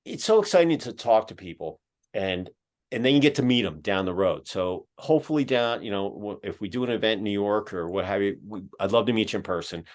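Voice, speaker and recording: A man from Philadelphia with a Philadelphia accent, hosting a podcast and talking casually over a video call, rambling with plenty of fillers. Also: fairly low pitch. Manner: rambling, filler-heavy, folksy. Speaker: podcast host. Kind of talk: casual closing remarks. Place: home in Georgia, on a video call.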